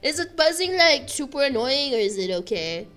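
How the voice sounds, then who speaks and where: A young woman from Canada chatting casually on a livestream, giggly and full of fillers, often bursting into high laughter, in a room with a buzzing air conditioner. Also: sing-song, normal speed, a bit bright, faint music behind. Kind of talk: casual stream chat.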